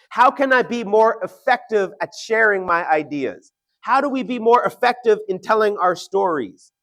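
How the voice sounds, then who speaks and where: A man's voice: high voice, a bit bright. Earnest man giving a motivational talk. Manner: earnest, emphatic, slows down to stress key points; asks the audience "right?" often. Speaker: motivational speaker.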